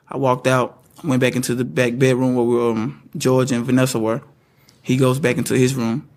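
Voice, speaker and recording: Brief: young man, witness account, stumbles and repeats words, mid pitch. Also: level tone, darkish tone. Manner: halting, repeats words as he speaks. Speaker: witness recounting events. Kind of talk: spoken first-person account.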